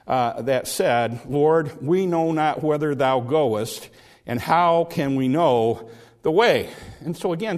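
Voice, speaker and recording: A man preaching a sermon, explaining scripture verse by verse. He shifts between plain talk to the congregation and slow, emphatic readings of the text. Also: mid-range voice, a little mellow. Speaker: pastor.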